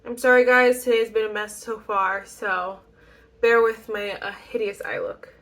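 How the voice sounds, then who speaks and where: A woman's voice: fairly high pitch, little pitch movement, normal speed, fairly bright tone. A young woman chatting casually through a makeup tutorial, rambling and self-deprecating, with frequent ums and little laughs. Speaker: beauty YouTuber.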